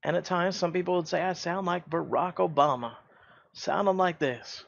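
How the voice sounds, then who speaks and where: A man's voice: sits high, a little fast, gravelly, a bit bright. A man hosts his channel in a defensive rant, heated and insistent. He doubles back over his words as he pushes his point. The recording is dull and lo-fi, like a home setup. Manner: heated, repeats himself, stumbles. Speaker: YouTube channel host.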